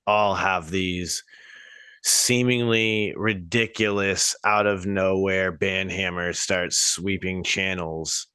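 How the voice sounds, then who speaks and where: A man hosting a podcast, agreeable and casual, with halting restarts. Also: low-pitched, steady tone, sharp tone, smooth, no room sound. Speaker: podcast host.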